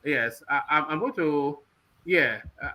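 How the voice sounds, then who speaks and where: A man co-hosting a live talk show, halting and restarting as he talks. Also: on the high side, sharp tone, a little hiss or hum. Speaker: co-host.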